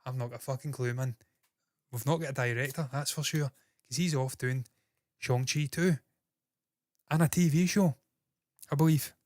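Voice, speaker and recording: A man's voice: medium pitch, steady tone, moderate pace, pauses often, darkish tone, no echo, clean studio sound. A man hosting a casual solo entertainment news livestream, rambling and swearing freely as he chats to viewers. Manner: rambling, profane and self-deprecating.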